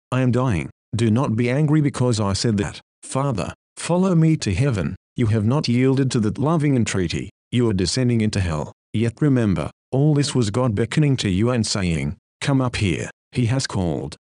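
A man's voice: on the low side, darkish tone, no echo, clean studio sound. A man reading a sermon aloud as a preacher, in an earnest, pleading manner.

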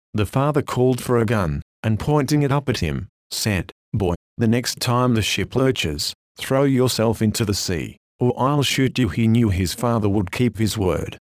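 Male preacher, mid-pitched, earnest and pleading, dry close sound. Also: darkish tone, dry recording. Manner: earnest, pleading exhortation in old-fashioned language. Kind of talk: sermon reading.

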